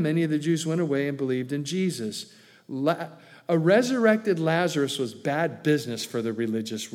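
A pastor preaching a sermon in a conversational way, with joking asides and acted quotes. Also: male voice, on the high side, a little mellow, in a large hall.

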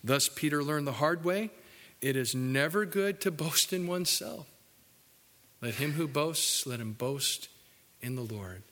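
A male pastor preaching a folksy, joking sermon, dropping low and soft for the solemn points. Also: animated, unhurried, big-room sound.

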